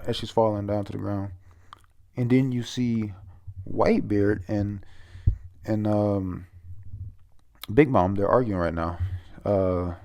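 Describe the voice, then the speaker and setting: A man's voice: lowish voice, fairly even intonation, measured pace, long pauses, darkish tone. A man casually recapping a manga chapter, rambling, swearing and stumbling over names.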